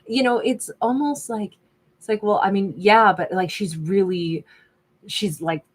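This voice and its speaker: A woman's voice: medium pitch, unhurried. A woman doing a casual tarot reading, chatty and sassy, laughing often and reading out viewer names. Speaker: tarot reader.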